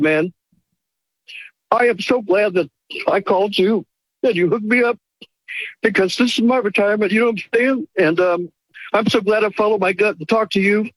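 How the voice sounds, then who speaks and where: A man's voice: high voice, no room sound, low-quality recording. A man calling in to a radio show, emotional and gushing, rambling with many restarts. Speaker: caller. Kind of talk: phone-in call.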